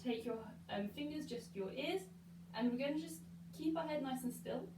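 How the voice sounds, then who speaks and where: A woman's voice: high voice, moderate pace, recorded from a distance. A young woman guiding a pilates workout, counting reps aloud in an encouraging way. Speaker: pilates instructor. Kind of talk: guided workout instruction. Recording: echoey room, voice from afar, faint hiss.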